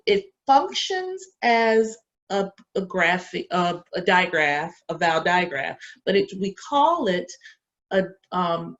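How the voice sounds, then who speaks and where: Woman, lecturing professor, middle pitch, quizzes students then answers, muffled lo-fi recording. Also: fairly bright tone. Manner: quizzing, asks questions and answers them herself. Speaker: education professor. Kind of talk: lecture to teacher candidates.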